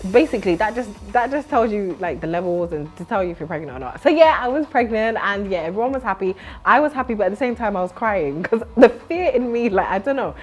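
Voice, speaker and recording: A young woman from Britain, a TV host, telling her story to camera in a lively, chatty way with lots of laughs. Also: medium pitch, fast talker, hardly any pauses, soft background music. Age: young adult. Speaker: vlogger and TV host.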